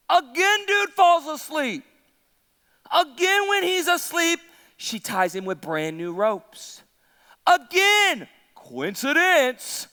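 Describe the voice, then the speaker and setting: Lively, high-voiced male preacher who acts out the story, in a big reverberant hall. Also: slow. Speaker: pastor. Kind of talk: sermon.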